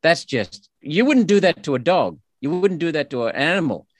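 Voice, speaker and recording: A man's voice: fairly high pitch, very animated, normal speed, dry recording. An Australian man speaking as a politician guest in a podcast interview, emphatic and indignant with frequent restarts.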